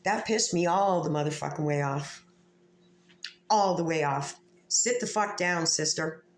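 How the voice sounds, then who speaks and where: A woman's voice: deep voice, a little slow. A woman vlogger delivering a heated, profane, confrontational rant to camera in an echoey room. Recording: echoey room with faint ambient noise.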